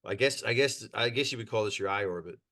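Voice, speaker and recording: A middle-aged man, a podcast guest, telling stories in a lively casual way, laughing and acting out quotes. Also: lowish voice, fast. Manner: animated, laughs through his stories, acts out quotes. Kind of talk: casual storytelling.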